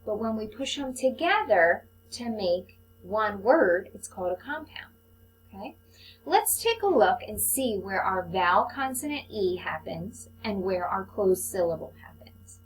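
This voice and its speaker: A woman teacher giving a slow, patient phonics lesson to young children, speaking into a computer microphone. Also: mid-range voice, very animated, slight background noise, poor audio. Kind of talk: recorded online phonics lesson.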